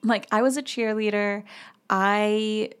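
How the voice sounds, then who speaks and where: A woman putting on the voice of a cocky young female model who brags about being a mean cheerleader, in a slightly hoarse voice. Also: mid-range voice, fairly even intonation, slow, natural voice. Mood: boastful. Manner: brash, boastful.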